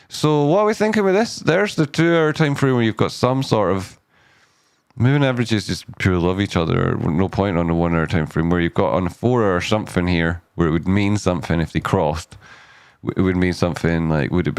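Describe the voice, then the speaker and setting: In a studio-quality recording with no room sound, a man with a low, expressive, brisk voice hosts a casual live stock chart analysis. He rambles, cracks jokey asides and cuts himself off mid-sentence.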